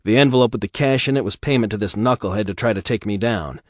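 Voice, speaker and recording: A man reading aloud, voicing a tough, sardonic male security chief with a gruff, wry delivery. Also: lowish voice, quick pace, no room sound, clean studio sound, close to an everyday voice.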